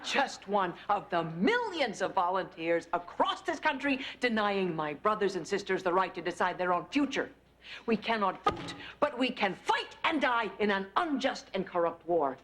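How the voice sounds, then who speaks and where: A woman's voice: medium pitch, sing-song, moderate pace, lightly acted. An actress playing a brash, sardonic woman reporter. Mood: defiant. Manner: sardonic, defiant, speechifying. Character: brash outspoken woman journalist, mid-40s. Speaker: sitcom lead, TV journalist. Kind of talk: sitcom acting. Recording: studio audience laughter, noisy.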